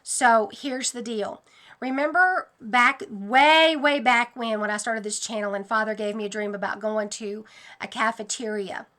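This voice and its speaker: Woman vlogger, bright and fairly high voice, earnest, animated warnings in casual talk. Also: a little slow. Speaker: channel host sharing dreams. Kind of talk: casual vlog monologue.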